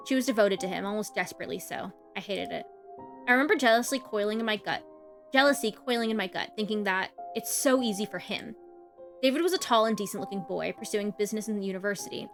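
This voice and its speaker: A woman reading aloud the part of a young woman, a jealous, brooding best friend, in a quiet, intense way. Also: mid-range voice, close to an everyday voice. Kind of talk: reading a visual novel aloud.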